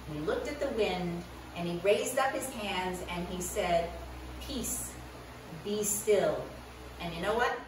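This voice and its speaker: A woman church school teacher telling a Bible story to children in a playful, animated, dramatic way. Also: mid-range voice, noisy background. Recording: very echoey room, far from the mic.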